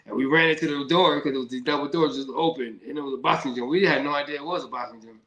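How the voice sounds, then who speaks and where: A man's voice: medium pitch, fast, a bit bright, reverberant, poor audio. A man, a professional boxer, telling stories loosely in a casual interview and often saying "man".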